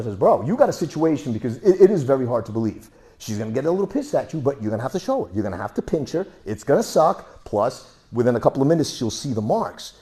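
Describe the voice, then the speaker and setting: A man instructing a martial arts class through a worn mic, telling stories and punching out sound effects as he demonstrates moves. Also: mid-range voice. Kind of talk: teaching a class. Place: training room.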